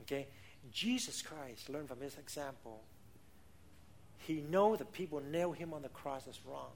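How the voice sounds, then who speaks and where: Man, pastor, sermon, high-pitched voice, emphatic, rhetorical questions, non-native english grammar. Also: unhurried, creaky, a little hiss or hum.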